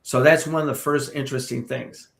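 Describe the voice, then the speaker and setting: A man tells a ghost story as a podcast guest, animated and full of asides to the listener. His voice sits in a middle pitch. The recording has a noticeable room echo. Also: a little fast, vocal fry. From Chicago area. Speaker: paranormal tour guide, guest.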